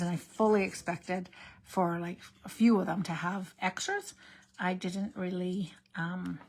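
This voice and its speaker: A woman's voice: on the low side, a little hiss or hum. Rambling, chatty woman. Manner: rambling, self-interrupting, talks to viewers. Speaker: card-making video host. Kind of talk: casual chatty craft demo.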